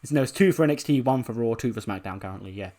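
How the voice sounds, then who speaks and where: A man casually narrating his wrestling management game at a middling pitch. He rambles loosely, drops in fillers, and swears freely as he goes. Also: very fast, mellow. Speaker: let's play creator.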